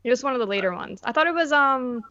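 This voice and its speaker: A woman's voice: high voice, animated, fast, bright, forceful tone, no echo, muffled recording. A woman from Long Island, New York, chatting on a podcast in an easygoing way. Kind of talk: casual podcast chat.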